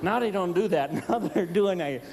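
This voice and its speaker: A middle-aged man doing stand-up comedy, telling animated stories with panicked shrieks and gruff character voices. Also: sits high, normal speed, over a noisy crowd. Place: large theater with a live audience. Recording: live stage recording with long reverb and audience noise.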